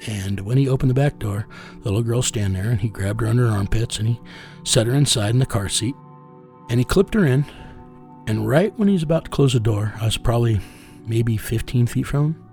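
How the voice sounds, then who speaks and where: A man tells a story in a blunt, profane way and keeps quoting himself. His voice is gravelly and sits at an ordinary pitch. Faint music plays behind him. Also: fairly quick, darkish tone. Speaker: guest telling a story. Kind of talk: casual storytelling.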